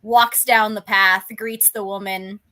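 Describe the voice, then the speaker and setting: A woman's voice: medium pitch, fairly even intonation, slow pace, bright, forceful tone. A young woman as game master, describing a scene in a tabletop game in a rambling way, full of fillers and restarts.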